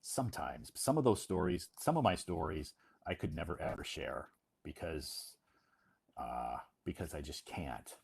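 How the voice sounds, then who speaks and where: A man's voice: extremely low pitch, expressive, measured pace, gravelly, a little mellow, a little hiss or hum. A man, an English teacher, telling a casual story on a livestream in a rambling way with many fillers and restarts.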